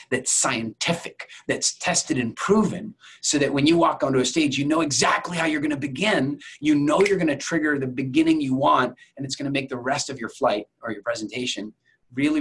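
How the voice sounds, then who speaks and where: A man's voice: medium pitch, fairly bright tone, slightly rough. A man coaching viewers on public speaking in a conversational masterclass, telling stories as examples and speaking straight to his audience. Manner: addresses viewers directly. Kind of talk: masterclass lecture.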